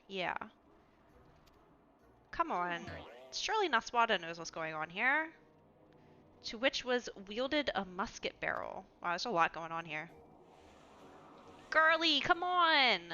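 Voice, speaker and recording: A woman's voice: medium pitch, big pitch swings, unhurried, pauses often, pushed and bright, highs cut off. A woman streaming a game from home, chatting casually, laughing often and talking to her cat. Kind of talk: casual chat while playing a game.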